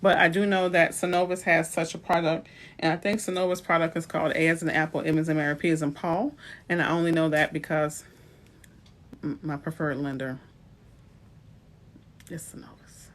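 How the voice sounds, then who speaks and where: A woman's voice: low voice, fairly even intonation, moderate pace, pauses often. A woman from New Orleans with a New Orleans accent, a realtor giving chatty, playful advice on a live stream. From New Orleans, USA. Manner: chatty, playful asides to viewers.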